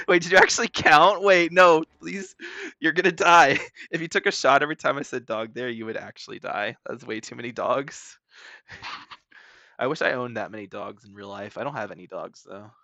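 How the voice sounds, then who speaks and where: A man streaming a game, chatting casually in a playful, rambling way with swearing and sudden loud excited outbursts. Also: mid-range voice, normal speed, gravelly, dry recording. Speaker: gaming streamer. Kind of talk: casual live gameplay commentary.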